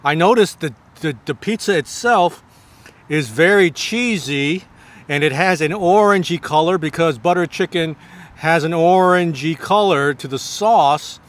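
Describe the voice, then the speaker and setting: Effusive man reviewing food, higher voice. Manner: effusive, many drawn-out exclamations while tasting; halting restarts between bites. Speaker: food vlogger. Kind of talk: casual food review to camera.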